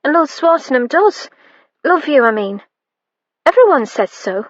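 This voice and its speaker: A woman's voice: high-pitched, sing-song, a little slow, no echo, lo-fi sound, pitched above the performer's own voice. A woman voicing an earnest, anxious young maid who blurts out questions.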